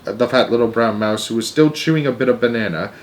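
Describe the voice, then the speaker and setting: A man reading a children's book aloud in a measured, steady storytelling voice. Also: mid-range voice.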